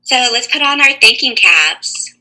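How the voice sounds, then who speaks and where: A woman teaching a lesson to young children over a video call, asking slow, clear, encouraging questions. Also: fairly high pitch, expressive, sharp tone, rough recording.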